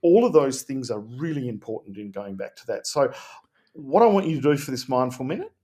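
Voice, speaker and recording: A man co-hosting a podcast, speaking earnestly with frequent pauses and restarts. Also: medium pitch, very animated, dark tone. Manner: hesitant, many fillers and restarts, earnest. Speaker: podcast co-host. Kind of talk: casual podcast chat.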